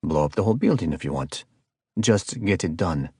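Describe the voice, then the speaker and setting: A man voicing a calm, icy male kidnapper who mocks his victim, in an audiobook. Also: deep voice, moderate pace, husky, no echo, studio quality, exaggerated voice. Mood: icy menacing. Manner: cold, mocking, calm. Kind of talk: audiobook character voice.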